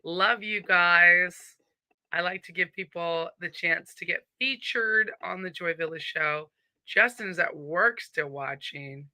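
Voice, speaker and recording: A woman's voice: lowish voice, measured pace, sharp tone, no echo. A woman with a Southern accent hosting a casual live stream from home, chatty and upbeat as she greets viewers and reads their comments.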